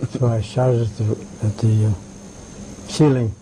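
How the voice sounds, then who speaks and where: An older man being interviewed, telling anecdotes in a halting way with many "right"s and "uh"s. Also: medium pitch, flat delivery, mellow, slight background noise, rough recording. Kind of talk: conversational interview.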